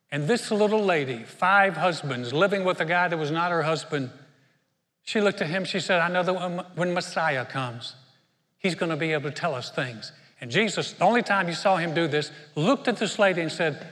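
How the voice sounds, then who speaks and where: A man's voice: sits high, fairly quick, a bit bright, long reverb tail. A man preaching a sermon, telling a story in a conversational way with frequent restarts and repeated words. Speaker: pastor.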